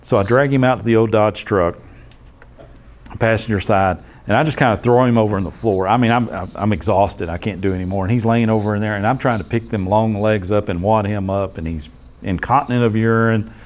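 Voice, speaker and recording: A man, an EMT instructor telling a case story to his class in a blunt, animated way. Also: on the low side, a little fast. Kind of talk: storytelling lecture.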